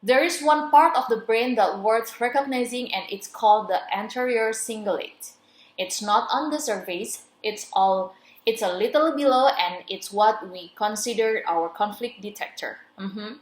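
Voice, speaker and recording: A young woman reading the part of a friendly male neuroscientist guest, explaining in plain, measured phrases. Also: on the high side, lightly acted. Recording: roomy echo.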